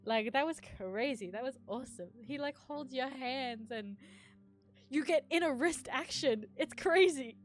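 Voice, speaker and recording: A woman streaming a game, reading the text aloud, giggling, swearing and gushing about the characters. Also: on the high side.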